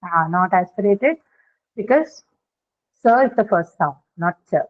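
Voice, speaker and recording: A woman teaching a live online pronunciation class, speaking haltingly with many filler sounds and checking in with her students. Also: medium pitch, animated. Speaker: English teacher. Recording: narrow phone-like online class audio.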